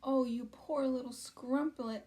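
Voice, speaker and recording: A woman's voice: sits high, steady tone, a little slow, warm tone, pitched above the performer's own voice. A woman reading aloud as a big, kind male giant who speaks with odd, broken grammar. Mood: kindly. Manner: chatty mangled grammar, sympathetic.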